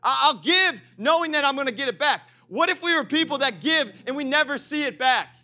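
A young pastor preaches to his congregation at a brisk clip, his voice pitched extremely high. He's lively and direct, laughs often, and swings between loud calls and quiet storytelling.

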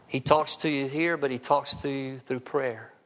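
A man's voice: medium pitch, fairly even intonation, normal speed, a bit bright. A man in his sixties preaching a sermon in a church sanctuary, conversational with wry asides. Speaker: pastor. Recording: long hall reverb.

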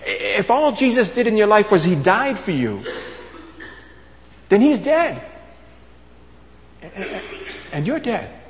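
A man preaching a sermon, emphatic, repeating his key phrases and swinging between loud and soft. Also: high-pitched, big pitch swings, slow, long pauses, slight background noise. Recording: long reverb of a large hall.

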